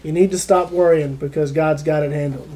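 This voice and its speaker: High-voiced, mellow preacher man. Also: steady tone, fairly quick, poor audio. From South Carolina. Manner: conversational storytelling, addresses a listener by name. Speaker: pastor. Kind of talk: informal home-church sermon. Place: small home fellowship gathering.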